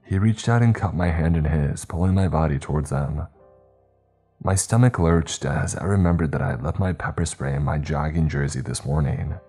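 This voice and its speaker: Man, horror narrator, very deep voice, husky, faint music behind. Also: moderate pace, warm tone. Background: faint background music.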